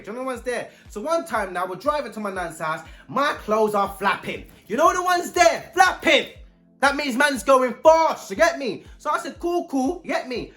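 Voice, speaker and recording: A man telling a casual storytime vlog. He uses heavy slang and often bursts into loud shouts. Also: extremely high pitch. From London. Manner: slang-heavy and animated, breaking into loud outbursts. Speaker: vlogger.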